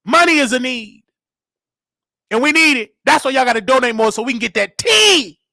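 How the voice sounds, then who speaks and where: Man, very high pitch, wildly swooping, shouting and preachy, dry close sound. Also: fast, gravelly, dry recording. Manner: shouting, preachy, animated, scolding listeners. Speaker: show host. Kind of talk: loud live-stream commentary.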